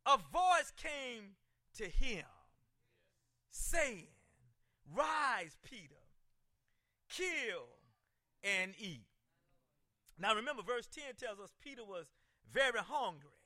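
A male pastor preaching a sermon, driving points home with shouted emphasis and stumbling repeats. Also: very high voice, sing-song, slow, long pauses, no room sound.

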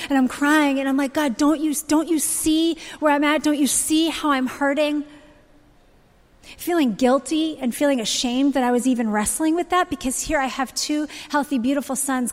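Woman, 30s, church testimony, earnest and heartfelt, slightly high voice, long hall reverb. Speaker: speaker sharing a testimony.

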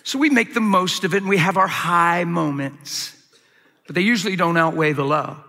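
A middle-aged man preaches with animated storytelling, slipping into acted-out voices. His tone is forceful and bright, a little high for a man. The sound carries the long reverb of a large hall. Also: moderate pace. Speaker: pastor. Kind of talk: sermon.

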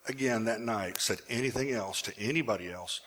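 A male pastor telling a personal story in a sermon, animated at times and hushed in the emotional moments. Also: on the low side, a little fast, a little hiss or hum.

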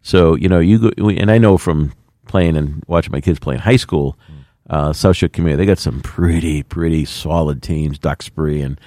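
Middle-aged man, low voice, folksy plainspoken mayor, dry sound. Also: moderate pace, mellow, dry recording. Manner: folksy, plainspoken, many fillers. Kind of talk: radio interview talk.

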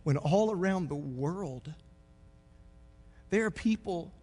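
A pastor preaching a sermon, moving from quiet reflection to loud, joking stretches. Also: male voice, high voice, lively intonation, slow pace, husky, long reverb tail.

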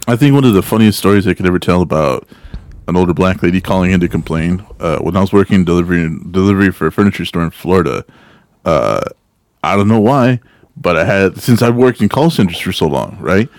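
Animated man telling stories on a podcast. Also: fast talker, dry recording. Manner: animated, jumps high into hyped voices for quoted callers. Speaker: podcast co-host. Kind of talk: casual storytelling chat.

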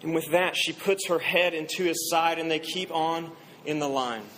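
Guy preaching a sermon, fairly high voice, tells stories, faint hum behind. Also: fairly even intonation, moderate pace, a bit bright, rough recording. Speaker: pastor.

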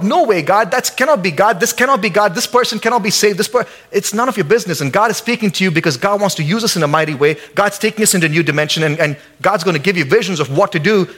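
Pastor guy preaching in church, kinda high voice, acts stuff out and cracks jokes. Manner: animated, acts out quotes and jokes. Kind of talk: sermon.

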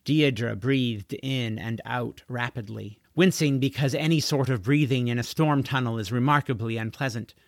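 Storybook narrator, male, gravelly texture, expressive measured delivery. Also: mid-range voice, no echo, studio quality. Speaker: audiobook narrator. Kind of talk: storybook reading.

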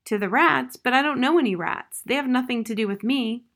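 A woman's voice: fairly high pitch, moderate pace, voice pushed up. A woman reading the lines of a timid, worried mother mouse in an anxious, pleading way. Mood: startled. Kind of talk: audiobook reading.

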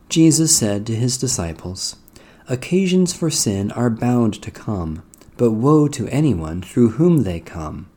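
A man giving a slow, measured liturgical reading of prayers and scripture in a solemn, prayerful manner. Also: mid-range voice, warm tone. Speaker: liturgical reader.

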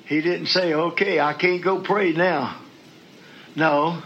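Gravelly, high-pitched preacher. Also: male voice, fairly even intonation, slow, highs cut off, a little hiss or hum. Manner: swings from quiet scripture reading to shouted praise; folksy, talks straight to the congregation. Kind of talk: sermon.

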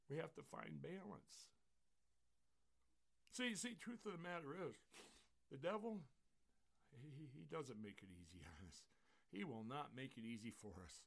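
A man's voice: medium pitch, sing-song, moderate pace, creaky, pauses often, fairly bright tone. A man who is a pastor, telling a story and then preaching a fervent sermon. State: tearful.

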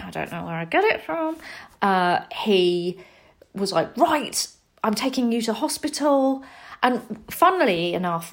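Candid woman telling her story. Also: lowish voice. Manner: candid and self-deprecating, animated when quoting herself. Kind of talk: personal storytelling.

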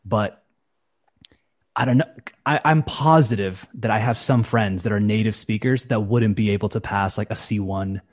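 A man's voice: lowish voice, moderate pace. A man, an English teacher, chatting casually on a podcast and acting out quoted speech. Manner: animated, acts out quoted speech with shifting voices. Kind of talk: casual conversation.

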